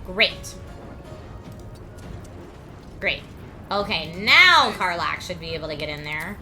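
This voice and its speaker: Unhurried chatty woman streamer over game music. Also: fairly low pitch, sing-song, sharp tone. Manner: chatty, thinking aloud, quick laughs. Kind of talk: live gameplay commentary. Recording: game music playing behind.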